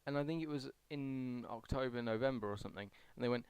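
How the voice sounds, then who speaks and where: A man's voice: mid-range voice, quick pace, a little mellow, smooth, dry recording. A young man vlogging casually as he answers a survey, chatty and rambling with self-deprecating asides. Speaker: YouTuber.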